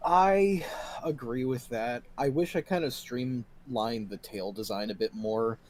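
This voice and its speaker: A man's voice: mid-range voice, a little slow, a little mellow. Hesitant man critiquing his own art. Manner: hesitant, self-critical, many restarts. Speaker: co-host and artist. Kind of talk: casual chat.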